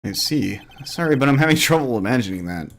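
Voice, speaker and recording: A man's voice: mid-range voice, lively intonation, fast, a little hiss or hum, natural voice. A man voicing an earnest young male defense attorney, reading game dialogue aloud.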